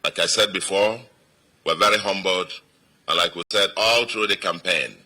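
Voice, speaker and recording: A man's voice: sits low, moderate pace, bright, forceful tone. A man with a Nigerian accent, a state governor giving an emphatic victory speech to supporters and repeating phrases for weight.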